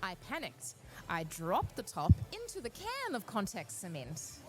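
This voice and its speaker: A woman speaking on a cosplay panel, giving earnest, encouraging advice and telling stories in an animated way. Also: mid-range voice, measured pace, music in the background.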